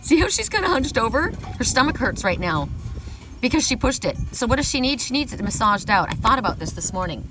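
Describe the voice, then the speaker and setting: A woman's voice: mid-range voice, lively intonation, fairly quick, distant mic, over music, rough recording. A middle-aged woman giving a casual oracle card reading, chatty, often laughing, whooping and swearing.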